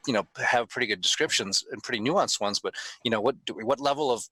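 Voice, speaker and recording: A man's voice: mid-range voice, fast talker, pushed and bright, breathy edge, dry recording, rough recording. A middle-aged man who organizes a gaming convention talks in casual chat, emphatic and full of restarts, sometimes swearing.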